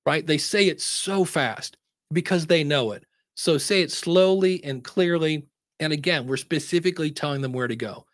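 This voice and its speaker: A man with a slightly high voice talks through podcast growth tips in a relaxed webinar. He keeps it chatty and jumps up in pitch when he acts out what people say. The sound is dry and close, with no room around it. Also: moderate pace, dry recording. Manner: conversational, acts out quotes in a higher voice. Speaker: podcast educator presenting a webinar. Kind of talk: casual webinar talk.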